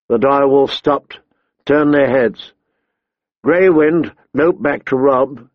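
A man narrating a fantasy audiobook in a measured, deliberate storytelling manner. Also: mid-range voice, no echo. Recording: slightly dull, dry recording.

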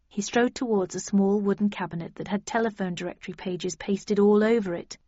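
A woman giving a steady scripted audiobook narration in the first person. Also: mid-range voice, fairly quick, dry recording. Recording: dull lo-fi dry recording.

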